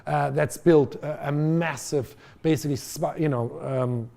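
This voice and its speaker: A man's voice: fairly high pitch, steady tone, a little slow, vocal fry, mellow. A man giving a college lecture to an audience in a conversational way, with fillers and restarts, sometimes asking the room questions. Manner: addresses audience directly with questions. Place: lecture hall.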